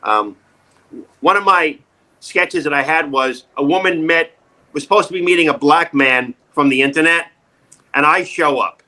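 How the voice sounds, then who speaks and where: Guy in his sixties telling showbiz stories, kinda high bright voice, acts out what people said. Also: moderate pace, low-quality recording. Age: 60s. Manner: animated, acts out quoted voices loudly. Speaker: actor guest. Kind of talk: casual interview storytelling.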